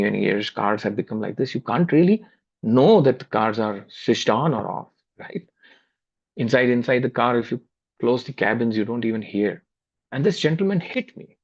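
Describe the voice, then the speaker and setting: A man's voice: medium pitch, a little mellow, breathy edge. A man with an Indian English accent telling a personal story during a spiritual talk over a video call, conversational and repeating his words. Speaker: spiritual class speaker. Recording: dull lo-fi video call audio.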